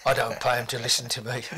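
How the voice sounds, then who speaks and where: A man's voice: mid-range voice, monotone, brisk, sharp tone, slightly rough. An older man, reminiscing forthrightly in an interview with blunt asides.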